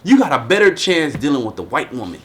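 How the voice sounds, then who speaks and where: A man hosts a loose, rambling religious commentary talk. He is emphatic and profane and restarts his sentences often. His voice sits somewhat high for a man. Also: very animated, fast talker, heavy background noise. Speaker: host. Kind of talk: casual religious commentary chat.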